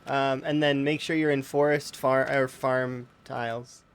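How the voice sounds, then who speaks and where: A man's voice: medium pitch, little pitch movement, measured pace, clear, resonant tone. A man streaming a game, giving rambling, casual tips to his chat and chatting to the animals in the game. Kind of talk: casual let's-play commentary.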